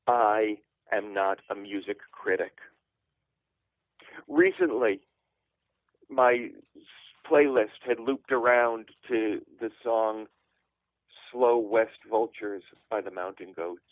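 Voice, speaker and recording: A middle-aged man telling a dry, wry comic story with measured pauses. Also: fairly low pitch, dry recording. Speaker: guest storyteller. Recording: tinny phone-line sound.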